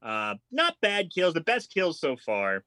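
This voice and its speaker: A man's voice: a little high, no room sound, rough recording. A man casually recapping a horror movie on a podcast, swearing freely and acting out lines from the film. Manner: animated, acts out film lines in quick impressions.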